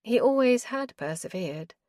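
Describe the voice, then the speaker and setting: A woman narrating an audiobook in a measured, even reading style. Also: on the high side, dry recording, clean studio sound. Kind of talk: scripted narration.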